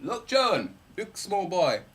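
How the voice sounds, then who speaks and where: A man playing a patient father who shows his small son the stars, speaking in a gently instructive, emphatic way. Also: high voice, very animated, takes it slowly, exaggerated voice.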